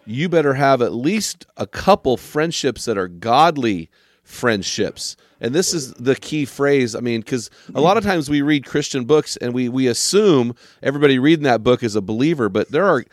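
A man's voice: mid-range voice, lively intonation, normal speed, dry recording, studio quality. A man hosting a podcast interview, enthusiastic and emphatic on key words. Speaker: podcast host. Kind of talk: casual interview chat.

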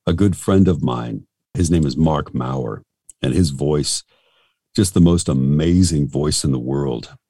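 A man's voice: extremely low pitch, unhurried, warm tone, dry recording. A middle-aged male voice actor talking casually and frankly in an interview, rambling and self-deprecating.

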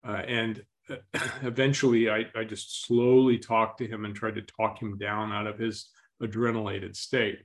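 Male guest, calm storyteller, slow and even, clears his throat between thoughts. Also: fairly low pitch. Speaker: interview guest. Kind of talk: storytelling in an interview.

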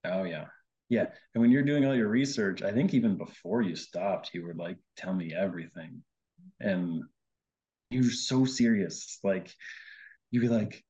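A man with a low, mellow voice recalls his story in an easygoing, chatty way, often acting out what he said back then. The recording sounds a bit dull and muffled. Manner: chatty, quotes himself often, many fillers. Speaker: guest, host's husband. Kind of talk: casual conversational storytelling.

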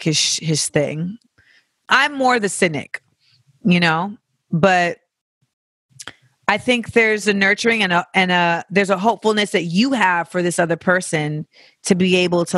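A podcast host giving casual advice in an animated way, with profanity and joking asides. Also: medium pitch, no echo. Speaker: podcast host answering listener questions.

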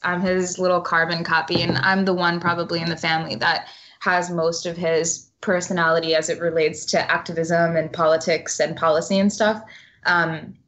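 A woman's voice: on the low side, level tone, normal speed, a bit bright, highs cut off. A woman guest talking bluntly and passionately in a casual interview, swearing freely.

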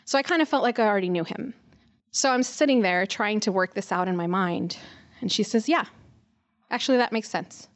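A woman's voice: medium pitch, fairly quick. A young adult woman telling an earnest, conversational personal story at a live storytelling event.

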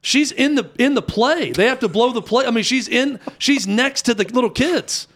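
A man in his thirties casually telling a story about coaching his daughter's basketball team, acting out the people he quotes. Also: moderate pace. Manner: animated, acts out quotes with rising pitch.

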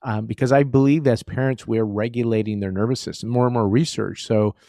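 A man's voice: mid-range voice, fairly even intonation, brisk, creaky, mellow, no echo, studio quality. A middle-aged man hosting a podcast, chatty and anecdotal, telling stories from home life. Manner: chatty, storytelling, laughs often. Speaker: podcast host. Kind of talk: conversational interview.

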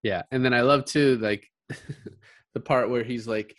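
A man's voice: medium pitch, fairly even intonation, measured pace, fairly bright tone, no echo, clean studio sound. Chatty male co-host who laughs through his scene recaps and talks in loose fillers. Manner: chatty, laughs often, retells scenes with quoted lines. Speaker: podcast co-host. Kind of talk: casual film discussion.

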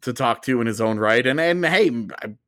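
Man, sports podcast co-host, rambling casual chat, dry close mic, mid pitch. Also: expressive, a bit bright, no room sound. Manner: rambling, self-interrupting, quick laughs. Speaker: podcast co-host, hockey reporter.

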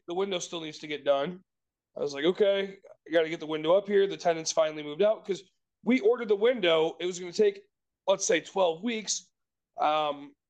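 Casual podcast co-host, male, high voice, rambling storyteller who swears freely. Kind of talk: casual chat.

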